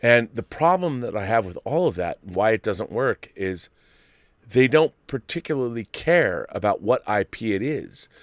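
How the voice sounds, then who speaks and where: A middle-aged man hosting a late-night live-stream chat, ranting and swearing with loud bursts. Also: on the low side, big pitch swings, moderate pace, no echo. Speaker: host.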